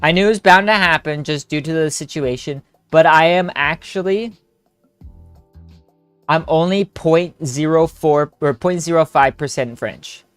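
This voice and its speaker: A man's voice: fairly high pitch, measured pace, clear, resonant tone, no echo. A young man streaming a story game with friends, joking, laughing and rambling in casual chat. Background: faint game music.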